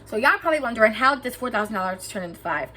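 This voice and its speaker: A young woman telling a story about getting scammed to her viewers in a vlog, animated and emphatic, getting heated as she goes. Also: on the high side, very fast. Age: young adult. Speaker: vlogger.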